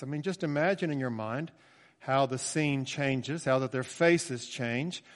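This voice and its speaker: A man's voice: medium pitch, long reverb tail. A man preaching a sermon in an earnest, reflective way, reading scripture aloud and explaining it.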